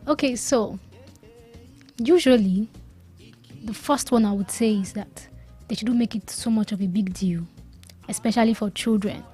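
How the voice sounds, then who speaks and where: A woman's voice: medium pitch, measured pace, pauses often, mellow, faint music behind. A woman from Nigeria, a speech and language pathologist, explaining as a radio guest and repeating key advice with emphasis.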